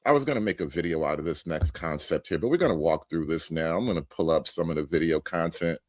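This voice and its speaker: A man's voice: a bass voice, quick pace, a little mellow, no echo, studio quality. A man giving livestream commentary in a sarcastic, incredulous and rambling way. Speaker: streamer and commentator.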